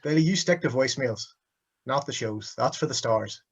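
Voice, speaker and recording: A man's voice: medium pitch, animated, normal speed, husky. A man in his thirties, a podcast guest, trash-talking with mock arrogance. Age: 30s.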